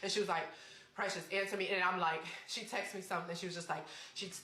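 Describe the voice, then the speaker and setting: A woman telling a personal story in casual chat, animated and reading out text messages. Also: on the low side, fast, roomy sound, noisy background.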